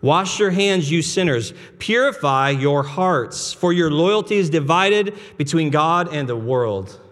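A pastor preaching a sermon in a casual, conversational way, full of restarts and rhetorical questions. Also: male voice, on the high side, expressive, unhurried. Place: church sanctuary. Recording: long hall reverb with soft guitar behind. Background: soft guitar music.

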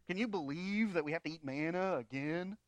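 A man's voice: fairly high pitch, brisk, dry recording, voice pushed down, natural voice. A man voicing grumbling desert travelers who whine and complain in disbelief. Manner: whiny, incredulous complaining.

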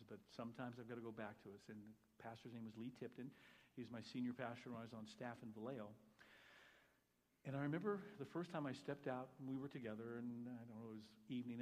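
A man pastor preaching a sermon, talking to the congregation with asides, swinging between loud exclamations and hushed quiet remarks. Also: mid-range voice. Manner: conversational, with jokes to the congregation. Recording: long reverb of a large hall.

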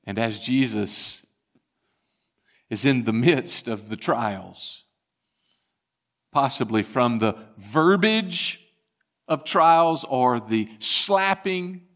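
A man preaching in a church, his voice bright and edged. He talks slowly and deliberately, telling scripture as drama and dropping to a hush for the weighty moments. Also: mid-range voice, expressive. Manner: dramatic storytelling, retelling scripture with swings from loud to hushed. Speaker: pastor. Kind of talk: sermon.

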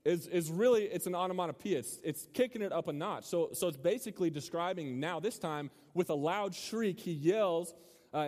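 This young man's voice runs slightly high for a male speaker as he jokes his way through a relaxed sermon for students. He keeps putting questions to the live audience filling the big hall, where a long reverb follows every phrase.

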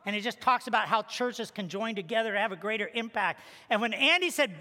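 Male pastor, sermon storyteller with jokes and questions to the room, high voice, echoey church. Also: animated, moderate pace, pushed and bright. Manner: storytelling with humorous asides and rhetorical questions. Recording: echoey hall reverb.

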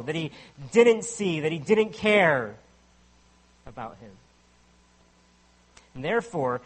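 Guy preaching a sermon, kinda high voice, chatty, keeps asking the crowd questions. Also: fairly bright tone. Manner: conversational, asks listeners rhetorical questions. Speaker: pastor.

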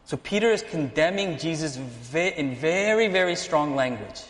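A man preaching a sermon, animated, acting out the lines of the people in his story. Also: on the high side, moderate pace, big-room sound. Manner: animated preaching, acts out dialogue. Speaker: pastor.

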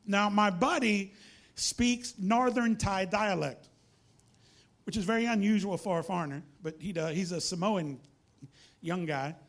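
Man, high voice, animated preacher telling stories. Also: unhurried. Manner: animated storytelling, acts out dialogue. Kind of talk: sermon.

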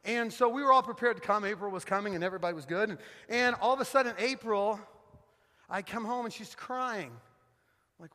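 A middle-aged man preaching in a church, telling funny stories in an animated, joking way. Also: sits high, brisk, in a large hall. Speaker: guest pastor. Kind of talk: sermon with storytelling. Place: church sanctuary.

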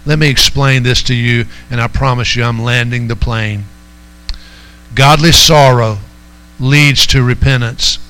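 A man's voice: mid-range voice, fairly even intonation, a little slow, bright, forceful tone, clear, resonant tone, rough recording. A man preaching a sermon as pastor, driving his points home and calling out to the congregation. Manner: preaching with rising emphasis and call-outs to the congregation.

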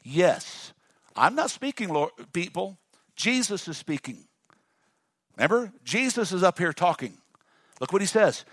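A male pastor preaching a lively sermon and calling on the congregation to respond. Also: high voice, a little slow, long pauses, no echo, studio quality. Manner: dynamic, call-and-response with the congregation.

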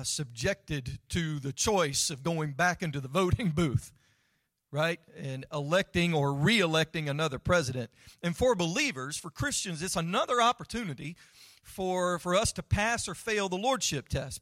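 High-voiced man preaching a conversational sermon. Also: animated, moderate pace, fairly bright tone, no room sound, studio quality. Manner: conversational, asks the audience questions. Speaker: pastor.

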